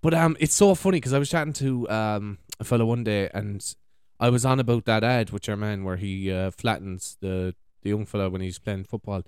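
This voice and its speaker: A man's voice: fairly low pitch, a little fast, a little mellow, clean tone, no room sound, studio quality. An Irish man hosting a show, chatting casually in a rambling, sweary way and laughing easily. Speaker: podcast host. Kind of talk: casual chat.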